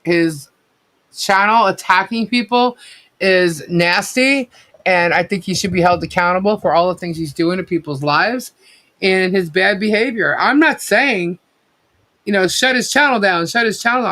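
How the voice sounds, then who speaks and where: A woman's voice: mid-range voice, moderate pace, a bit bright. A woman co-hosting a casual livestream, talking bluntly and at length, with frequent swearing and restarts. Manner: blunt, rambling, swears freely. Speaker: co-host of a livestream.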